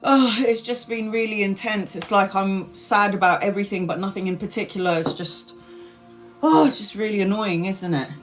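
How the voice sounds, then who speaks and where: A woman's voice: medium pitch, normal speed, soft background music. Chatty swearing woman. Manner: chatty, self-mocking, swears, laughs often. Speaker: tarot reader live-streaming. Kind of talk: casual live-stream chat.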